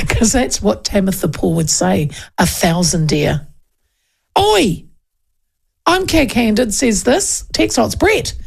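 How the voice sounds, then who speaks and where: A woman's voice: on the high side, gravelly. A woman hosting a casual radio chat, laughing and reading out listener texts. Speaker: radio host.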